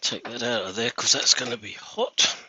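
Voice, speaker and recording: A man's voice: medium pitch, moderate pace, dull audio, noisy background. A man working as a woodturner on a live stream, chatting casually and thinking aloud with stammering restarts as he works in his workshop.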